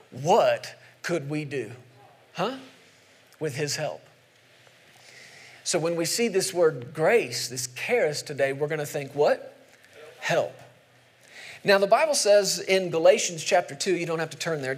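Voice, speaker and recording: High-voiced male pastor preaching, emphatic, keeps asking the crowd questions. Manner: emphatic, asks the audience questions, slows down for scripture. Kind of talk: sermon.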